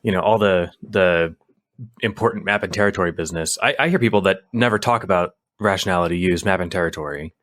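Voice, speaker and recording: A man's voice: low voice, fast talker, fairly bright tone. A man co-hosting a podcast, chiming in with brief, dry remarks in casual chat. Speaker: podcast co-host.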